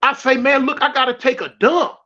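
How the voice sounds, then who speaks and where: Despite a flat delivery, this South Central Los Angeles guest tells an animated prison story, slangy and full of restarts and acted-out quotes. He's fairly quick, his very high voice bright and forceful, on dull, lo-fi audio.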